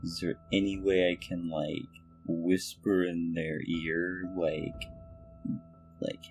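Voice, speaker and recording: A player in a tabletop game, asking animated questions with frequent laughs. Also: low voice, normal speed, faint music behind.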